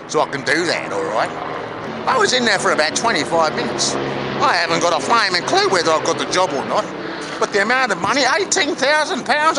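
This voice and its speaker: Man doing a brash slangy Australian actor, high voice, bouncy pitch. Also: background noise. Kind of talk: comic spoof vlog.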